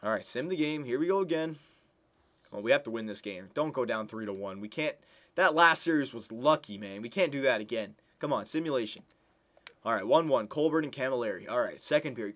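A man commentating on a hockey video game, emotionally pleading with his team and breaking into excited yells. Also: mid-range voice, normal speed.

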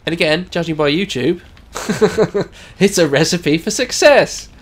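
A man giving rambling, self-mocking let's play commentary that breaks into loud, excited yells and swearing. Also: on the high side, measured pace. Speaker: gaming channel host.

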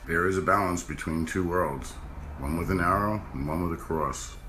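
A man's voice: sits low, normal speed, sharp tone, a little hiss or hum. A man giving stern step-by-step instructions and a blunt warning. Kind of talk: instructional monologue.

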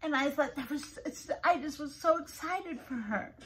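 A woman's voice: high-pitched, normal speed, slight background noise, poor audio. A middle-aged woman giving an earnest, heartfelt devotional talk as a prayer podcast host, often repeating herself.

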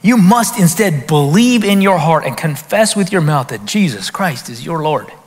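A man preaching a conversational sermon as pastor, with lively rhetorical questions and frequent restarts. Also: a little high, normal speed. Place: church sanctuary. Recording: hall reverb in a church.

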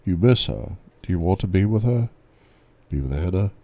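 A man reading as a calm, probing male therapist. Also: low-pitched, dry recording. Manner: measured, probing questions. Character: calm probing male psychiatrist, middle-aged. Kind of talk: audiobook reading.

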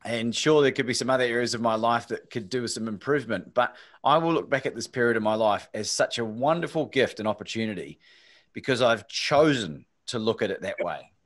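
A man's voice: mid-range voice, fairly quick, a bit bright. A man hosting a podcast, talking in an enthusiastic, reflective way with small restarts. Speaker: podcast host. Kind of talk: conversational interview.

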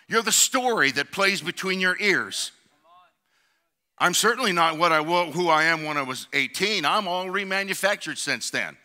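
Man, pastor, high bright voice, preaching, shouted emphasis, middle-aged. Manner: preaching with rising shouted emphasis and call-outs. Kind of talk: sermon.

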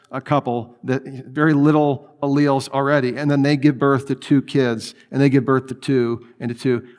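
A man giving a conversational, animated apologetics lecture with frequent restarts. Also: mid-range voice.

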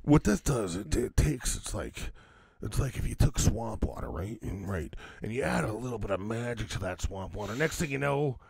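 Gravelly man in loud wrestler-promo bravado. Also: lowish voice, animated, normal speed, no room sound. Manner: over-the-top wrestling promo bravado, calls everyone brother; breaks into laughter, drops to hushed asides. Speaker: podcast co-host. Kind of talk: whisky tasting in a wrestler impression.

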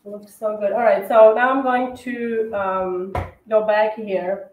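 A woman's voice: mid-range voice, steady tone, slow pace, narrow, tinny audio, a little hiss or hum. A woman hosting a decorating livestream, chatting casually with many fillers and self-corrections. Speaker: cookie decorating livestream host. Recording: echoey room.

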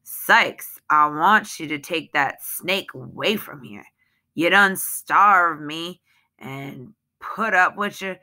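A woman's voice: sits low, takes it slowly, bright, forceful tone, exaggerated voice. A woman voicing a frightened, bitter wife who pleads and accuses in heavy dialect. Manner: pleading, then cold and hard. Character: frightened, bitter Southern washerwoman, adult.

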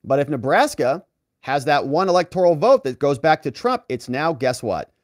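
A male host delivering political commentary with a lively, swinging pitch and emphatic bursts. His voice sits a bit high for a man, recorded dry and close. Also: moderate pace, no room sound. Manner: animated, emphatic, talks straight to viewers.

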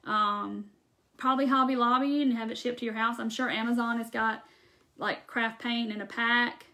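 Brief: Southern woman craft-stream host, Mississippi drawl, a touch high, folksy and chatty. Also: steady tone, moderate pace, sharp tone. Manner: chatty, folksy, laughs often. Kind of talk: casual live chat with viewers. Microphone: phone or webcam on a live stream.

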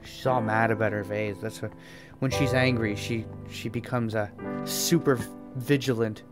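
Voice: medium pitch, fairly even intonation, normal speed. A person casually commenting on someone's video game play, giggly, rambling and playfully foul-mouthed over game music. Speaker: gamer watching and commenting.

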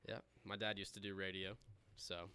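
A young man from the Midwest with a smooth radio voice, chatting casually as a podcast host and laughing often. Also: low voice, moderate pace, no echo. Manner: laughs often, relaxed storytelling. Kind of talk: casual chat.

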